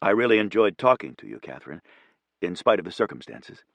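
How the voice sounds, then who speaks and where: A man's voice: low-pitched, very animated, brisk, creaky, dry recording, exaggerated voice. Narrator doing a tired, teasing businessman. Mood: tired, warm. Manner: gentle teasing. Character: exhausted kind businessman, gently teasing.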